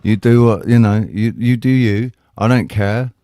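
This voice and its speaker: A man's voice: on the low side, steady tone, unhurried, dark tone, dry recording, studio quality. A middle-aged English man hosting a casual panel chat, blunt and profane, laughing often. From England. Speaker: show host.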